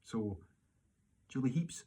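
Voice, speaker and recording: Chatty Glaswegian man, husky voice. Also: mid-range voice, animated, takes it slowly, mellow. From Scotland. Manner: rambling, chatty, with many fillers and restarts. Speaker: singer answering fan questions. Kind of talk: casual solo Q&A video. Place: home during lockdown.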